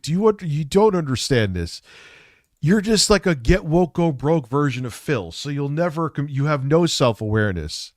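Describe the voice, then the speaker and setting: A man's voice: a little high, expressive, moderate pace, no echo. Male streamer, mocking and combative, dry mic. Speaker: livestream host. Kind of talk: reaction commentary on a livestream.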